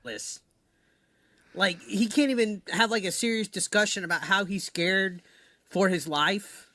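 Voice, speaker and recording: Male webcam commentator, crude and derisive, bright high voice, dry sound. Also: unhurried, no echo. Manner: crude and derisive, heavy swearing.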